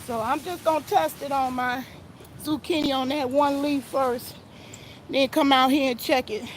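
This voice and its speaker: A female gardening vlogger films herself on her phone outdoors in her garden, chatting casually to viewers while spraying her plants and sounding slightly out of breath. Her voice is high-pitched and steady in tone, at normal speed. There is a little hiss or hum.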